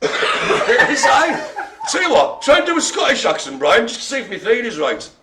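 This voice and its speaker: A man's voice: very high voice, wildly swooping pitch, normal speed, a crowd in the background. A man hosting a live online bingo game, calling dog breeds in a playful, teasing way with theatrical asides. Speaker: bingo caller host.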